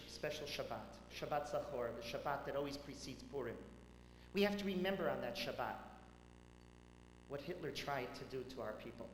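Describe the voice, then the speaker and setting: At a banquet, a rabbi delivers a tribute speech, telling stories and swinging dramatically between loud and hushed delivery. His voice is a little high. The large hall sounds echoey, with a faint hum underneath.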